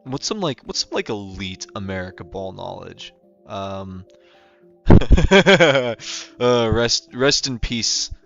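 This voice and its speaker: A man's voice: on the low side, sing-song, slow, gravelly, a bit bright. A young man chatting casually on a livestream, rambling with lots of fillers and restarts. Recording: dull lo-fi sound with faint music behind.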